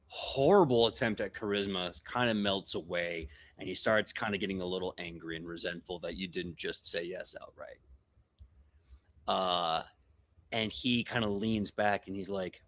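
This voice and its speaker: A man working as game master, narrating a live tabletop game in a relaxed, casual way. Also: on the low side, slow.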